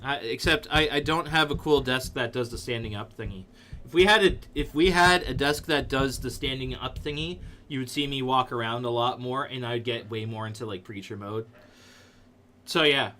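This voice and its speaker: A man hosting a live stream in casual chat, loud, excitable and rambling. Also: mid-range voice, normal speed. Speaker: livestream host.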